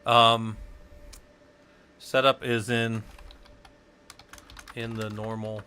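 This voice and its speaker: A man's voice: lowish voice, level tone, extremely slow, long pauses, background noise. A man leading a casual live study session, thinking aloud in a loose, informal way and swearing now and then.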